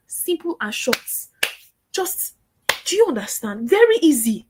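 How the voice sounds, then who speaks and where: A woman teaches an online course in a lively, animated way. She slips into little acted-out client conversations and repeats key words for emphasis. Her voice sits fairly high. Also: brisk.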